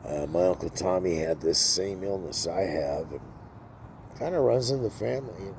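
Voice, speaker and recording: A low-voiced man in his sixties records a rambling vlog outside, talking at a moderate clip with slight noise behind him. He's blunt and weary, and he swears a lot.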